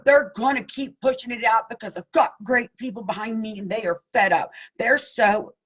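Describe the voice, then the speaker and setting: A woman's voice: a little high, normal speed, few pauses, slightly rough. A woman from Pennsylvania speaking straight to camera in a blunt, impassioned plea, cussing and addressing her listeners directly. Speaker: abuse survivor seeking justice.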